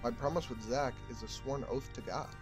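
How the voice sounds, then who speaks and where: A man reads a quiet young woman on trial, earnest and flat, with no flourish at all. Game music sits behind the voice. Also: medium pitch, moderate pace, natural voice.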